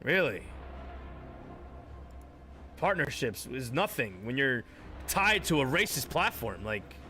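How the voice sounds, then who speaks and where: A man's voice: medium pitch, big pitch swings, slow pace, bright, forceful tone, slight background noise. A man live streaming, ranting at his chat with heavy swearing, mocking viewers and laughing often. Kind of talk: profane rant at live chat.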